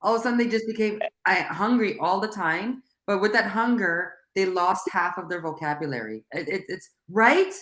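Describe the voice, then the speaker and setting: A woman chatting animatedly, her speech coming in quick bursts with frequent restarts. The room around her rings with a noticeable echo, and her pitch sits in a middle range. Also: lively intonation, a bit bright. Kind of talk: casual conversation. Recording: echoey room.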